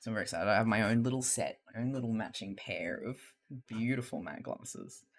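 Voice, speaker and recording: A live streamer chatting casually to viewers while crafting, excitable, swearing freely and laughing often, sometimes trailing off into quiet mutters. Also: medium pitch, brisk.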